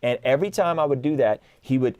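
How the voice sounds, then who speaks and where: A man's voice: medium pitch, fast, dry recording, highs cut off. A man in his thirties tells stories animatedly in casual conversation. He acts out the lines of other people, and his delivery is loose and peppered with "like" and "right?". His voice sits in a middle register and sounds dry and close. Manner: animated storyteller, acts out dialogue, frequent "like" and "right?". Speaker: guest.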